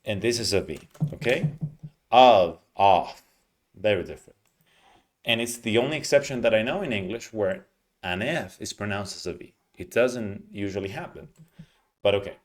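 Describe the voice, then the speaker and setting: A man teaching English pronunciation, explaining patiently and modeling words slowly with clear stress. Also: fairly low pitch, animated. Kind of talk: teaching lesson, explaining reading aloud.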